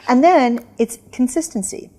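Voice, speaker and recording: A middle-aged woman, a guest author in an interview, telling lively stories and acting out commands. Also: sits high, moderate pace, very noisy. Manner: animated storyteller, acts out dog commands. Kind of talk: casual interview chat.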